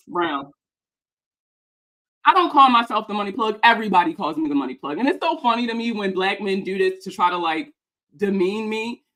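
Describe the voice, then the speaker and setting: A woman's voice: mid-range voice, fairly bright tone. Heated, profane young woman ranting. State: out of breath. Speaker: personal finance content creator. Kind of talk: ranting reaction vlog.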